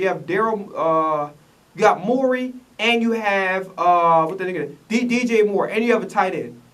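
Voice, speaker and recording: Man, high voice, sits back from the mic, rambling profane commentary. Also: fairly bright tone, far from the mic. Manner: profane, rambling, with many restarts and stammers. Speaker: vlogger reacting to the draft. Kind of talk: casual ranting commentary.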